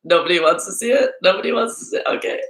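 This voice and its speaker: A woman's voice: medium pitch, expressive, fast. A woman hosting a live Q&A stream, talking in a chatty, rambling way full of fillers. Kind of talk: casual live-stream chat. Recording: roomy echo.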